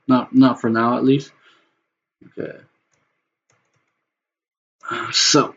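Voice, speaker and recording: A man's voice: medium pitch, takes it slowly, long pauses, a bit bright, highs cut off. A man who produces music, talking casually and rambling as he builds a beat, swearing now and then and humming the rhythm. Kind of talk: casual talk while making a beat.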